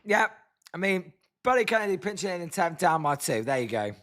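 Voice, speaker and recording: A British man with a high, light voice calls the game live and chats with viewers between pitches. His voice is hoarse and tired, and his delivery stays loose and conversational, with plenty of complaints about the team. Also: very animated, a little fast, a bit bright. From Britain. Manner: chatty, reads chat names, groans at the team. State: hoarse, voice tiring. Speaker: livestream host. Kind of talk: casual live watch-along commentary.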